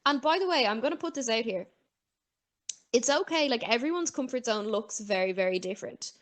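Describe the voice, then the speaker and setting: A woman's voice: fairly high pitch, lively intonation, a little fast. A woman with an Irish accent hosting a podcast in casual chat, talking freely, swearing and laughing often. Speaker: podcast host.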